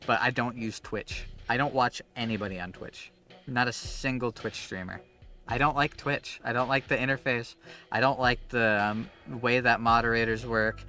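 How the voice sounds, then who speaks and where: Casting: young male streamer, bright tense voice, rambly and animated, swears a lot, faint game music behind. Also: medium pitch. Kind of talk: casual chat while gaming.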